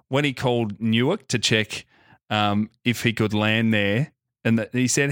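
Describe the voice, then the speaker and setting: A man's voice: fairly low pitch, normal speed, clear, resonant tone, no echo. Laughing Australian man, dry close sound. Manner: animated, laughing, profane storytelling. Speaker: podcast co-host. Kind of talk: casual chat.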